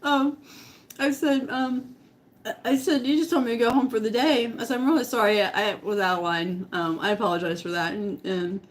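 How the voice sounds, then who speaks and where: A middle-aged woman vlogger telling a story to her live chat, laughing often and eating as she talks. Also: medium pitch. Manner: giggly, laughs often while talking; eating while talking.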